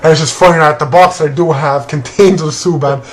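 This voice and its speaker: A man hosting a card break, calling out player names and teams in a relaxed, casual way and laughing now and then. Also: on the high side, fairly quick, poor audio. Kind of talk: casual card-opening commentary.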